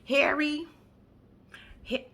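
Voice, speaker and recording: Woman, reality recap vlogger; animated, profane, laughs a lot. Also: high voice, extremely slow, gravelly. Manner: animated, profane, acts out quotes, laughs often. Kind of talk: casual reality show recap.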